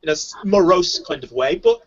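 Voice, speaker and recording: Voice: medium pitch, expressive, fairly quick, slightly rough, highs cut off. A player in a tabletop game, playful and joking, laughing often. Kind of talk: tabletop role-play banter.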